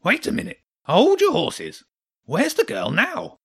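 A man voicing a sleepy, fussy male hedgehog in a high, squeaky storybook voice. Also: huge pitch swings, measured pace, gravelly, a bit bright, slightly rough, exaggerated voice. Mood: startled.

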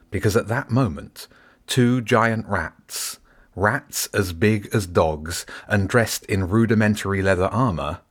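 Man, audiobook narrator, very low voice, measured, expressive. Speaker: author and reader.

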